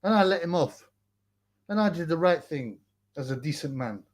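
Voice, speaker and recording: A young man chats casually on a livestream, his voice sitting a little high. He rambles in slang, greets viewers and reads their comments aloud, and mocks a rival with scorn. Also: lively intonation, normal speed. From United Kingdom. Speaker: livestream host.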